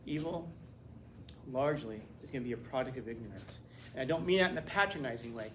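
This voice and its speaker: A male teacher giving a classroom philosophy lecture, animated and conversational, firing off rhetorical questions to his students. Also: medium pitch, fast, background noise.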